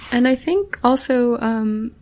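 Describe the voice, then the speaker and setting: A woman's voice: fairly high pitch, animated, slow, darkish tone, slight background noise. A woman co-hosting a podcast, chatting casually about a film with many hedges and fillers. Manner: hedging, lots of "like" and "um". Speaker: podcast co-host.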